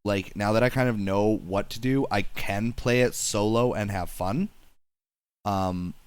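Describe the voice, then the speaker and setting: Low-voiced rambling podcast co-host. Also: male voice, a little slow, clear, resonant tone, no room sound. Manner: rambling, many restarts and fillers. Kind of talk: casual chat.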